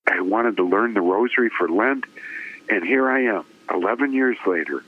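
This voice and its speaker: A man with a low voice recounts a personal story on a tinny, phone-like line, and the sound is thin and narrow. He tells it dramatically, rising with emotion and acting out each quoted voice. He is a seasoned radio talker speaking as an interview guest. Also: moderate pace. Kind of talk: personal testimony in conversation.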